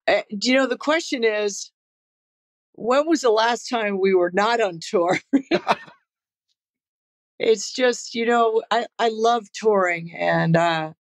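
A relaxed woman in her sixties tells road and family stories in a loose, unhurried way. She laughs easily and often circles back with "you know" and quick restarts. Her voice sits at an ordinary middle pitch for a woman. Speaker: guest musician. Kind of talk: casual interview storytelling.

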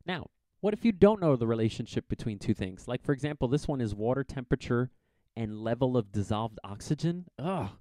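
A man's voice: medium pitch, animated, a little fast, mellow, no echo. Casual chatty male science teacher. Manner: chatty, informal explaining with asides. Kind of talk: exam review lesson.

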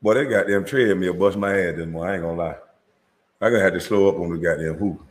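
A husky-voiced man with a Southern twang rants loudly and with animation, cursing freely and breaking into laughter. His voice rings with a long reverb. He is hosting his own show in casual, profane talk. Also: sits low, fast talker. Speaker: show host.

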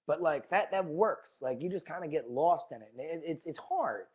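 A man's voice: on the high side, expressive, moderate pace, breathy edge. A man hosting a podcast in a casual monologue, enthusiastic and profane, often repeating his words. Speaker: podcast host. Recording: dull lo-fi recording.

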